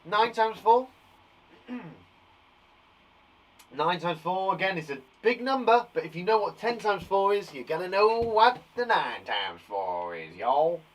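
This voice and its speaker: A middle-aged primary school teacher gives a live online times-tables lesson to young children from a garden shed. His high voice is sing-song and slow, and he's playful, jokey and encouraging. He sounds a bit far from the mic.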